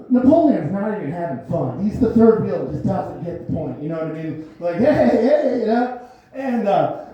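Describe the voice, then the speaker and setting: A man doing a stand-up comedy set, telling a loose, rambling story and laughing often at his own lines. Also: sits high. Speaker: stand-up comic. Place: small comedy theater stage. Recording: very echoey, dull theater recording.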